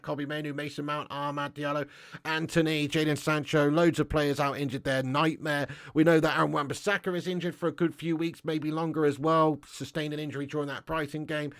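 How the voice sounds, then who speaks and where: A young man hosting a football fan live stream, chatting casually with viewers in a banterous, sweary way and chuckling between points. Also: on the high side. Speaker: fan channel host.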